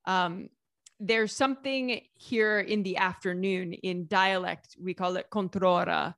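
American woman, relaxed chatty guest, laughs a lot, dry close sound. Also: on the low side, unhurried, no room sound. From United States. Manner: lively, laughs often, many fillers and restarts. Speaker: author and vlogger guest. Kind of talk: casual interview conversation.

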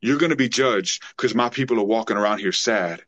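A man's voice: on the low side, a little fast, a bit bright. A man speaking as a podcast guest, preaching in a fervent, emotional way during a spiritual conversation. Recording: dull lo-fi sound.

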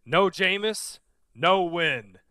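A man co-hosting a sports podcast with a bright, smooth, clear voice. He delivers his game previews like punchy one-liners with a deadpan edge. The sound is dry and close to the mic. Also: sits high, takes it slowly, dry recording. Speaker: podcast co-host. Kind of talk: casual sports podcast banter.

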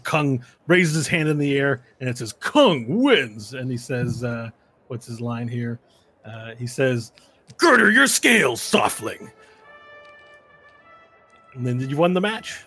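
Man, game master, husky, tabletop game narration, playful, rules-minded. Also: medium pitch, normal speed, no room sound, soft background music.

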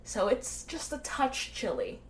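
Animated woman telling a true-crime story. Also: a little high, measured pace, a little hiss or hum. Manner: animated, swearing, acts out quotes. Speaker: podcast co-host.

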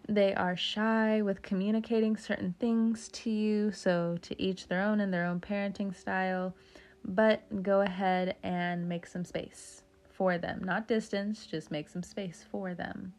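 A woman's voice: mid-range voice, fairly even intonation, slow pace, darkish tone. A young woman giving a casual tarot reading, joking around, swearing freely and drifting off on tangents. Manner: joking, profane, talks off on tangents. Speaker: tarot reader.

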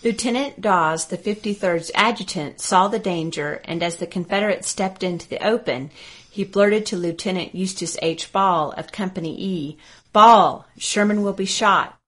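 A woman from Arkansas reading scripted historical narration in a steady, even storytelling manner. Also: lowish voice, moderate pace.

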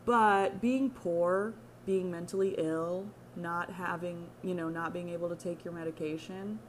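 A woman's voice: lowish voice, steady tone, a little slow, a little hiss or hum. A young adult woman from the United States hosting her own podcast, talking candidly in a rambling, profane, self-mocking way. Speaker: podcast host. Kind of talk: casual solo podcast monologue.

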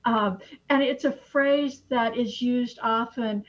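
A woman who teaches astrology, chatting in an animated way and often acting out little quotes. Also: on the high side, slow. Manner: animated, slips into acted-out quotes. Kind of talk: casual conversation. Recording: dull lo-fi sound.

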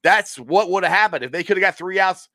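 A man hosting a casual live-stream sports show, excitable and rambling, with frequent laughs. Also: sits high, a little fast, no room sound.

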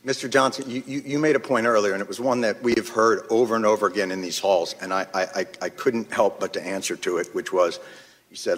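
A man's voice: fairly low pitch, fairly even intonation, quick pace. Angry man testifying in an echoing hall. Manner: angry, forceful, emphatic. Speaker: witness testifying at a congressional hearing. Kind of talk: impassioned prepared testimony. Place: large hearing chamber. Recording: long reverb of a large hearing room.

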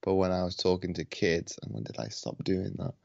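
A man with a very low voice talks in an easygoing, relaxed way, often stopping and restarting his sentences. The sound is dry and a little muffled, like call audio. He is hosting a podcast conversation. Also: a little fast, gravelly, no room sound. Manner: laid-back, hesitant with many restarts. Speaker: podcast host. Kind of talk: casual conversation. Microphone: video call.

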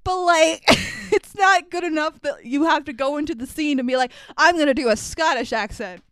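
A woman chatting casually about a movie with a co-host, sarcastic and animated, laughing often and swearing freely. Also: high-pitched, normal speed, dry recording, clean studio sound. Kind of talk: casual movie recap chat.

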